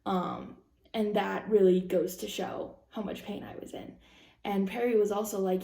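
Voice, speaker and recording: A woman's voice: mid-range voice, steady tone, a little slow, vocal fry, warm tone, reverberant. A young woman vlogger telling a long personal story in a rambling, casual way with many fillers. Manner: rambling, lots of "like" and "um", anxious retelling.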